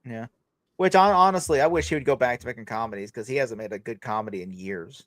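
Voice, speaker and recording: A young man hosting a casual chat, rambling quickly and swearing freely. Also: medium pitch, fairly bright tone, no echo. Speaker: podcast host.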